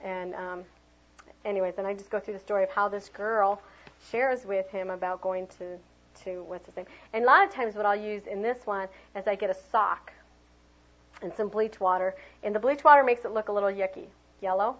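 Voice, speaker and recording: A woman's voice: medium pitch, a little fast, lo-fi sound. A middle-aged woman, a preschool teacher, giving a training talk and acting out children's cheers and reactions as she demonstrates. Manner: animated, acts out sounds and voices for children. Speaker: preschool teacher leading a workshop.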